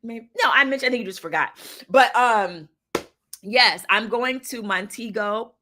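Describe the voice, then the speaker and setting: A woman's voice: on the high side, a little slow, sharp tone. A woman hosting a casual livestream, talking to her viewers in an encouraging, chatty way. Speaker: livestream host.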